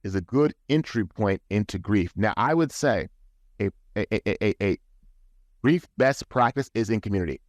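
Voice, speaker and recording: A man's voice: fairly low pitch, lively intonation, normal speed, no room sound. A man guest on a podcast, talking in an earnest, advising way with frequent restarts, recorded in a studio. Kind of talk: casual podcast talk.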